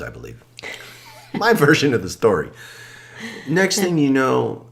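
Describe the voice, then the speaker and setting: A man co-hosting a podcast, calmly and reflectively telling a story in casual conversation, often trailing off soft and low. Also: normal speed, vocal fry. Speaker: podcast co-host.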